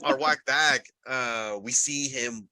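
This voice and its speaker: A man's voice: medium pitch, takes it slowly, over a noisy crowd, poor audio. A man co-hosting a podcast, telling a rambling story in casual chat, swearing freely and laughing often. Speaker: podcast co-host.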